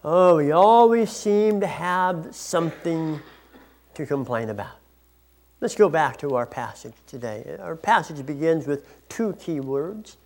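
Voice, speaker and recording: A man's voice: fairly high pitch, lively intonation, measured pace, darkish tone. A man preaching a sermon in an earnest, explanatory way, restarting phrases now and then. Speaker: pastor.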